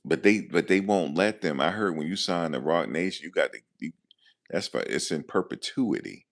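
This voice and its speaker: A man's voice: sits low, lively intonation, moderate pace. A man hosting a live stream, chatting casually and jokingly. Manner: loose, joking, talks back to chat. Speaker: livestream host. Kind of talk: casual commentary to live chat.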